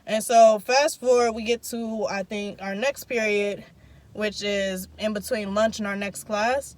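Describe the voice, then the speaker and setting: A woman's voice: mid-range voice, fairly even intonation, a little slow. A young woman in casual storytime, telling a story with emphatic, profanity-heavy slang. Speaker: vlogger.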